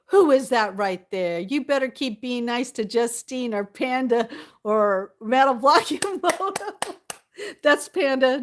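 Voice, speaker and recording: Woman, livestream chatter, giggly, laughs a lot, greets viewers by name, casual. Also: medium pitch. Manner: giggly, laughs often, reads out chat names. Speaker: live streamer.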